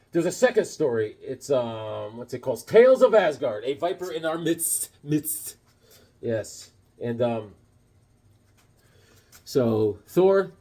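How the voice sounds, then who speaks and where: Lively, joke-cracking man reviewing comics. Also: medium pitch. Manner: rambling and jokey, full of corny puns and asides. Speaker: comic book collector and channel host. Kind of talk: casual comic book review chat.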